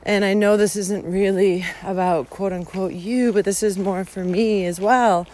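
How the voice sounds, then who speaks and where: A woman's voice: medium pitch, steady tone, measured pace, mellow, a little hiss or hum. A woman vlogger telling a personal story in a candid, emotional way, swearing freely and using lots of fillers as she walks outdoors. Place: outdoors, walking along a route.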